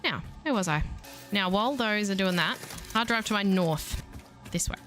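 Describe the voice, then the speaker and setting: A woman's voice: medium pitch, moderate pace, a bit bright, soft background music. A woman with an Australian accent giving chatty, playful, self-mocking commentary while streaming a video game. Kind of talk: casual let's-play commentary.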